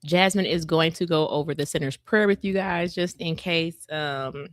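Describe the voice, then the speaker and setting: A woman co-hosting a faith podcast, telling family stories in a casual, animated way and acting out the quotes. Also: sits low, moderate pace, hardly any pauses, dry recording, clean studio sound. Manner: animated storytelling, acts out quotes. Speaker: podcast co-host. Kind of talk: casual chat.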